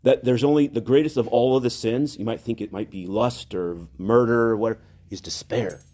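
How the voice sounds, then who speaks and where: A man's voice: medium pitch, fairly quick. A man, a priest, delivering an earnest sermon in church, repeating phrases for emphasis. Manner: earnest, animated preaching with repetition.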